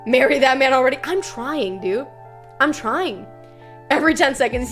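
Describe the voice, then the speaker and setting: Young female streamer, high pitch, loose and profane storyteller, faint background music. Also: normal speed. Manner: chatty, swears freely, animated storytelling. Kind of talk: casual live-stream chat.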